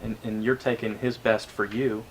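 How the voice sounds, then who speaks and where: A man's voice: lowish voice, little pitch movement, noisy background. Reflective man hosting an interview. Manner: reflective, halting with repeated words. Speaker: interview host. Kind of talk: casual conversational interview.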